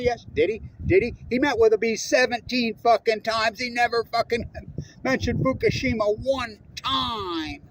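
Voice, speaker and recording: His voice sits high, and there's a faint hiss or hum on the recording. A middle-aged Utahn, he launches into a heated, foul-mouthed political monologue, unscripted and rambling as he darts between topics.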